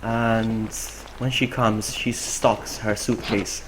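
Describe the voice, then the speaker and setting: A man's voice: fairly low pitch, little pitch movement, slow, a little hiss or hum, rough recording. A man from Malta, chatting casually and rambling while streaming a game. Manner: chatty, rambling, laughs at himself. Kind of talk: casual live-stream chat.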